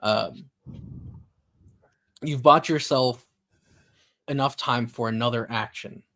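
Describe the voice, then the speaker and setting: Speaking at a medium pitch, a man serves as game master for a tabletop role-playing game. His narration is relaxed and halting, full of fillers.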